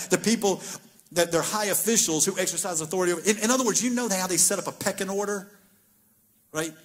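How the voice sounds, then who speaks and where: A man preaching a conversational sermon as pastor, acting out biblical dialogue with lively asides. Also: on the high side, slightly rough.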